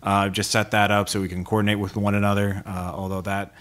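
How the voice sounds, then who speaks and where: A man hosting a tabletop gaming podcast, talking casually with frequent fillers and restarts. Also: fairly low pitch. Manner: relaxed, halting with many fillers. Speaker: podcast host. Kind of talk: casual chat.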